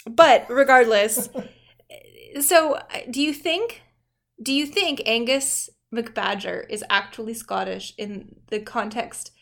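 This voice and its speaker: A woman's voice: on the high side, slow, gravelly, fairly bright tone. A woman co-hosting a podcast, chatting casually and animatedly and laughing often. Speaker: podcast co-host. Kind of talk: casual chat.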